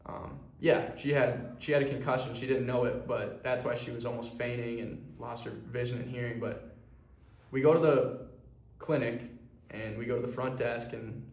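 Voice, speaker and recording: A man's voice: medium pitch, fairly even intonation, normal speed. A young man talking earnestly to camera in a rambling way, with plenty of fillers. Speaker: clothing brand founder. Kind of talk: personal vlog monologue. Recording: echoey room.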